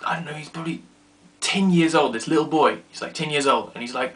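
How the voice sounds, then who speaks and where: Young man, vlogger, casual storytelling, bright tone, self-mocking asides. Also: on the high side, fast.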